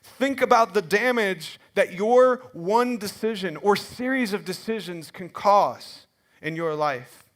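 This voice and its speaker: A middle-aged man preaching a sermon in a church, telling stories in a conversational, animated way with frequent restarts. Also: high-pitched, slow pace. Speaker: pastor. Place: church sanctuary.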